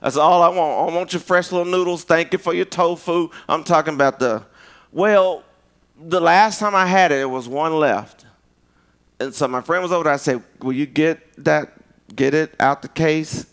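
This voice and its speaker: A man giving a casual storytelling sermon, animated and joking as he talks straight to his listeners. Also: a little high, moderate pace, smooth.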